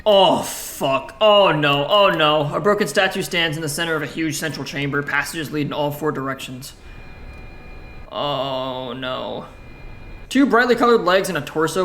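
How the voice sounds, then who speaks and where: A bright, clear-toned man talks through a text adventure, reading its lines aloud and reacting with casual, profane asides. The recording carries a faint hiss underneath. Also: a little high. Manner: casual, swears, jokey self-talk; reads game text aloud in a flat voice. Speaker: gaming streamer. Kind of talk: let's play commentary, reading game text aloud.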